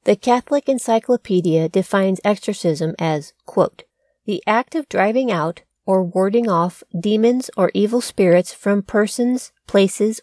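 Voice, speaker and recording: A woman's voice: mid-range voice, a little mellow, dry recording, clean studio sound. A woman hosting a podcast, telling a true crime story in a conversational way with wry asides. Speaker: podcast host.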